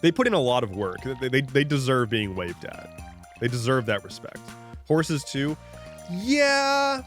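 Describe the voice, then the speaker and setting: A man's voice: medium pitch, animated, normal speed, soft background music. Rambling jokey male game streamer. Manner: rambling, jokey, talks to chat; frequent restarts and swearing. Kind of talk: casual live-stream chat while gaming.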